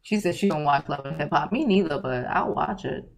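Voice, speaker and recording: A woman's voice: sits low, lively intonation, a little fast, gravelly. A woman hosting a casual livestream, talking bluntly and profanely and often laughing as she answers viewer comments. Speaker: livestream host.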